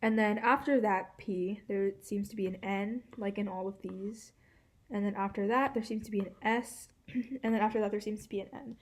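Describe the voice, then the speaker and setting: A woman's voice: mid-range voice, fairly even intonation, normal speed. A woman hosting a walkthrough of a linguistics puzzle, explaining in a casual, hedging way full of "like" and "kind of.". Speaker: host.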